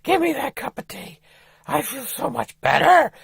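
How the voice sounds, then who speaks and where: A frantic older woman cries out in a high, swooping, shrill voice, as a man puts her on while telling a story. She pleads and fusses loudly, and the sound is dry and close. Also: big pitch swings, moderate pace, creaky, dry recording, heavily acted. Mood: relieved. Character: panicky older woman with an urgent need.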